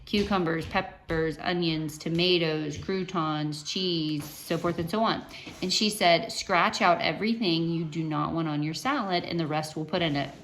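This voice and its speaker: A woman's voice: low-pitched, normal speed, a little hiss or hum. A woman from West Virginia chatting to her viewers, telling stories with lots of fillers and restarts. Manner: chatty, animated storytelling with many fillers and restarts. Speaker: vlogger sharing cancer treatment updates. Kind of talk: casual chat to camera.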